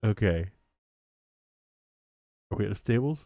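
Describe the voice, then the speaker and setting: A man talks through his game stream in a loose, self-mocking way, often laughing at his own mistakes. His voice sits a little low and he takes his time. The sound is dry and close. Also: animated, unhurried, no room sound, lo-fi sound. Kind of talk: casual gameplay commentary.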